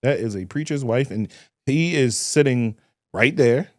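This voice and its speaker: A man's voice: mid-range voice, a little slow, no room sound, clean studio sound. A young man co-hosting a podcast, talking casually and animatedly. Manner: animated, laughing, swearing freely. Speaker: podcast co-host. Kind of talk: casual chat.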